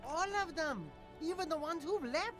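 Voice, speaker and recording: For a video game, a voice actor plays a boastful, defensive street vendor who keeps sidestepping questions with rambling denials. The voice is very high-pitched and animated at a moderate pace, with music in the background.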